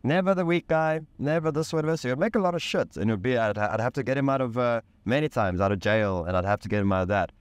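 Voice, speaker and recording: A man's voice: medium pitch, expressive, fast talker, few pauses, smooth, no room sound. A man speaking as a podcast guest, telling a candid personal story with intense emphasis, casual slang and swearing.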